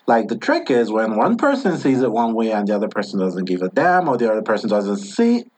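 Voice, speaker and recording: A man hosting a casual podcast interview, asking questions in a relaxed, conversational way with fillers. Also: fairly low pitch, fairly quick, a little hiss or hum, poor audio. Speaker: podcast host.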